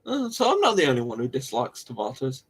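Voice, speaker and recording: A man's voice: medium pitch, breathy edge. A man hosting a livestream, chatting casually to viewers in a rambling way, often laughing and repeating himself. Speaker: livestream host. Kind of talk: casual chat to live viewers.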